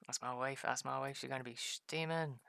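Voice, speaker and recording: A man chatting his way through a game, rambling and laughing as he plays. His voice is bright and edgy with a gravelly fry, recorded close and dry with no room sound. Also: mid-range voice, steady tone, moderate pace, no room sound. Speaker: gaming video host. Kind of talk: casual gameplay commentary.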